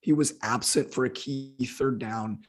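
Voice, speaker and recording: A man with a hoarse, husky voice co-hosts a casual football podcast. He rants heatedly and swears freely as he breaks down a game. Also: medium pitch, steady tone, a little slow. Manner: heated, profane ranting. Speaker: football analyst co-host.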